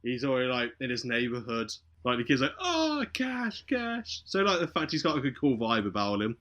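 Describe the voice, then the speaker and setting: A man with a medium-pitched voice rattles quickly through a film plot on a podcast, the sound lo-fi. His casual retelling is animated, and he acts out the characters' dialogue along the way.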